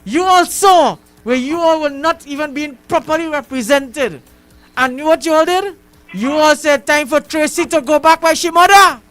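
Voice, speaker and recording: A woman's voice: high-pitched, moderate pace, a bit bright, no echo, faint music behind. A woman with a Trinidad and Tobago accent, calling in to a talk radio show and making rallying points with rhetorical repetition. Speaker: radio caller.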